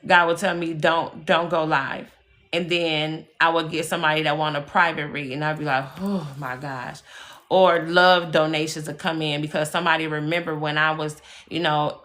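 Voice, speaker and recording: Bright-toned woman on a live stream, kinda low-pitched, chatty, swears a lot, keeps saying y'all. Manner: chatty and emphatic, swears freely, addresses viewers as y'all and baby. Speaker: live-stream spiritual reader. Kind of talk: casual live-stream storytelling.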